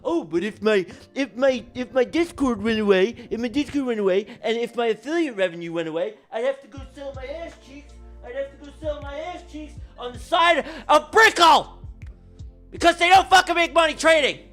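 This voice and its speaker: A man's voice: extremely high pitch, animated, moderate pace, fairly bright tone, soft background music, voice pushed up. A man putting on the voice of a broke trading influencer who begs strangers on the street, in a pleading, mocking whine. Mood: whiny.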